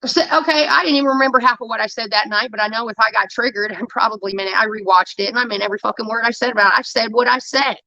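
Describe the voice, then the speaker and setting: A woman's voice: a little high, steady tone, rapid-fire, vocal fry, few pauses, pushed and bright, no room sound, dull audio. A woman streamer delivering a heated, profane rant about a falling-out with a friend, talking straight into a close mic. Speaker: livestreamer. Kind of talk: ranting livestream monologue.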